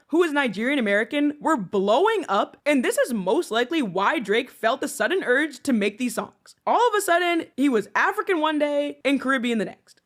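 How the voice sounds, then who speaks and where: A young woman in her twenties giving an indignant, sarcastic scripted commentary monologue as a channel host. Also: high voice. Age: 20s.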